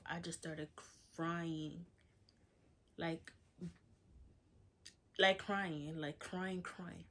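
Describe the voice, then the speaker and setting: A young woman vlogger telling a personal story in a casual, chatty way, filling her talk with "like" and acting out what others said. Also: lowish voice. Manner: chatty, lots of "like", quotes others in dialogue.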